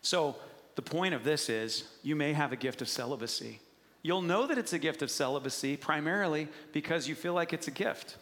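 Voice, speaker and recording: A man preaching a sermon to a congregation in earnest, conversational tones that grow quiet and gentle in prayer. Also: fairly high pitch, brisk. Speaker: pastor. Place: church sanctuary. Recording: hall reverb.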